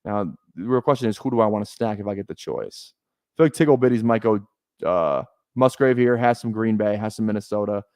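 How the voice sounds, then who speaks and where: A man's voice: on the low side, fairly quick, darkish tone, no room sound, clean studio sound. A young man streaming live, chatting casually and thinking aloud as he talks. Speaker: fantasy football streamer.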